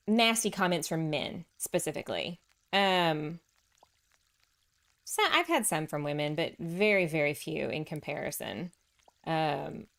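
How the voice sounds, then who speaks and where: A woman's voice: on the low side, a bit bright. A woman with a Texan accent hosting a casual game livestream, chatting with viewers and laughing often. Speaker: livestream host. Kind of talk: casual livestream chat while playing.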